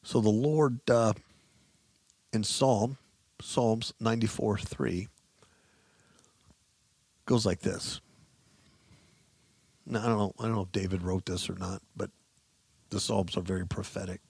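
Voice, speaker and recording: A man preaching a sermon with passion, repeating phrases for emphasis and swinging between low mutters and loud, stressed scripture readings. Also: steady tone, measured pace, vocal fry, pauses often, husky, no echo.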